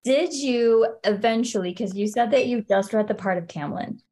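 A woman's voice: on the high side, moderate pace, warm tone. A woman interviewing a guest, upbeat and encouraging as she asks her questions. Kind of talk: casual interview chat.

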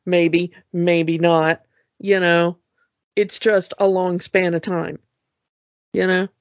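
A relaxed podcast co-host in casual chat, talking at an unhurried, slow pace and leaning on filler words. The recording is dry and close, with a dull lo-fi tone. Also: mid-range voice, no echo. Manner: relaxed, many "you know" fillers. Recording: dull lo-fi sound.

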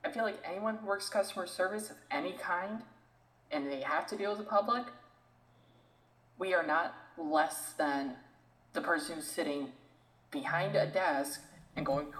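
A woman co-hosting a podcast, ranting in an animated, exasperated way in casual chat. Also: fairly low pitch, moderate pace, long pauses, roomy sound, low-quality recording. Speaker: podcast co-host.

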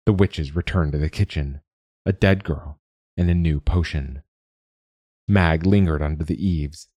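A man reading a fantasy story aloud in a measured, deliberate way as a podcast narrator. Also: very deep voice, darkish tone, no room sound, studio quality. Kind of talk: scripted narration.

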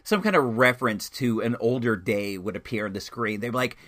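A young man giving a casual, chatty movie review, telling stories in an animated way. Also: brisk. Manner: animated, chatty storytelling with lively swings in pitch.

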